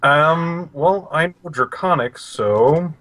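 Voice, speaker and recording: A man's voice: a little high, takes it slowly, fairly bright tone. A man describing his character's actions in a tabletop game, hesitant and chuckling. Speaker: player. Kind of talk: casual tabletop play.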